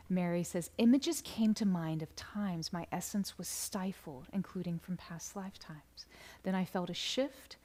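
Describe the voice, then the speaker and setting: Woman reading out chat comments on a livestream, soft and breathy, slips into whispers, laughs a lot. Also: lowish voice. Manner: soft-spoken, often dropping to a whisper, bursts into laughter and sung greetings. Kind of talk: live stream chat, gentle and affirming.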